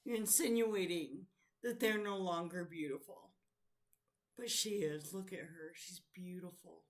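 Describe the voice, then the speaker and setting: A woman's voice: fairly low pitch, measured pace. A woman commentating on clips in a blunt, sarcastic way. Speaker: reaction commentator. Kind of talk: reaction video commentary.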